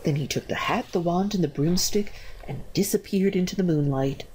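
An older woman reading a picture book aloud, slow and expressive. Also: on the low side, a little hiss or hum. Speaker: storybook reader.

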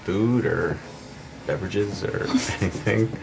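An American actor playing an actor in London, talking in an awkward, halting way and stumbling over his words. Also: fairly low pitch, creaky, background noise. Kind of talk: short film acting.

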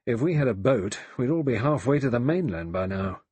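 A man doing a brisk, practical adventurer. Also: medium pitch, expressive, a little mellow, husky, dry recording. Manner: decisive, brisk.

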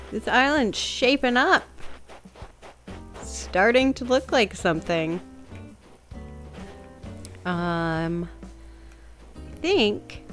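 A woman's voice: mid-range voice, extremely slow, long pauses, fairly bright tone, soft background music. A young woman giving casual, upbeat commentary while she plays, thinking aloud as she decorates. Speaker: gameplay video creator.

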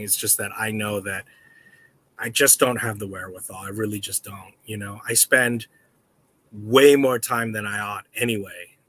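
A man hosting a casual livestream, talking in a rambling, halting way with many restarts, and switching to high baby talk when addressing a dog. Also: pushed and bright. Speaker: livestream host.

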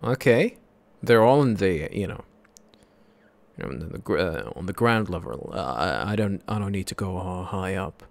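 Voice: sits low, animated, normal speed, vocal fry. A let's play host giving casual, joking gameplay commentary with muttered asides.

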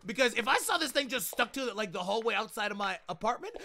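A young man chatting casually on a gaming livestream, reacting loudly and thanking viewers for donations. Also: extremely high pitch, quick pace, gravelly, few pauses. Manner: excitable, loud outbursts, reads out donations. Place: home.

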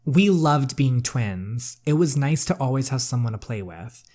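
A man's voice: mid-range voice, lively intonation, a little slow, a little mellow. A man reading as a dry, bookish teen girl. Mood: reflective. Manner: dry, wry. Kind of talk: reading a story game aloud.

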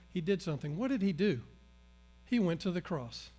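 A man preaching a sermon. He swings between loud emphasis and hushed, earnest passages. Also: high-pitched, quick pace. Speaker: pastor.

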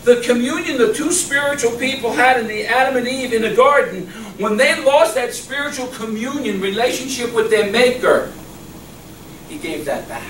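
A middle-aged male pastor preaches with a fairly high voice, swinging from loud exclamations down to soft, low murmurs. He is heard from some distance in an echoing church, with a faint hum behind him. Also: normal speed, hardly any pauses. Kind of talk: sermon.

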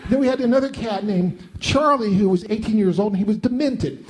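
A middle-aged man telling a self-deprecating comic monologue in an animated way. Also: high-pitched, a little fast. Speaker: storyteller.

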